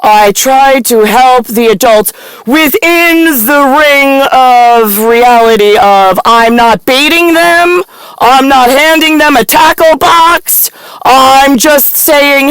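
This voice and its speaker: A woman vlogger telling a rambling, profane personal story, at times breaking into loud rants. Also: sits high, takes it slowly, smooth, no echo, rough recording.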